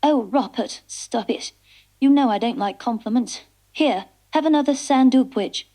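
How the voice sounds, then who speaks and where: A woman's voice: on the high side, measured pace, warm tone. A woman playing a prim, fussy hostess. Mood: coy.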